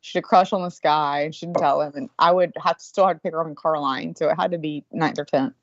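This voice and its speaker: A woman's voice: low voice, fairly even intonation, fast talker, no echo. A woman in her forties, co-hosting a podcast and telling stories in casual chat, with lots of profanity. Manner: profane storytelling. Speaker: podcast co-host. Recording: muffled lo-fi sound.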